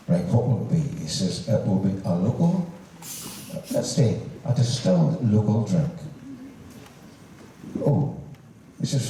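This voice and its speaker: A man's voice: normal speed, a little hiss or hum. An older man telling stand-up jokes at a concert, switching voices for each character. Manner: animated, swings pitch for each character in the joke. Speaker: comic storyteller at a band concert. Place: large hall at a concert, live audience. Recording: echoey hall from far off.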